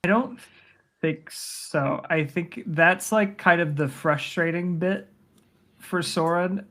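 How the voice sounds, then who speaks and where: Hedging tabletop player, mid-pitched voice. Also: slow pace, a bit bright. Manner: thoughtful, hedging, speaks for a character in third person. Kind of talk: casual tabletop role-play.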